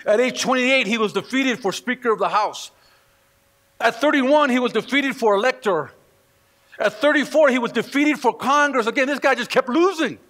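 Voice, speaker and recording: A pastor with a very high, slightly bright voice, speaking at normal speed, delivers a storytelling sermon in which he performs the voices of the characters. The church sanctuary gives the recording a long hall reverb.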